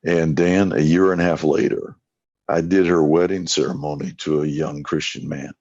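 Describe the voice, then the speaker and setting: In a podcast interview, an evangelist guest shares folksy stories and acts out the things people told him. His voice rumbles low with fairly even intonation at normal speed, a little mellow, captured dry with dull lo-fi sound.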